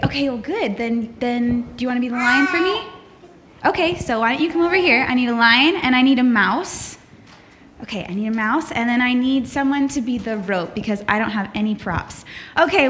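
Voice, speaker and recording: High, bright-voiced woman leading kids' story. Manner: upbeat, coaching kids to act along. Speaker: children's church leader. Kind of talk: children's story time at church.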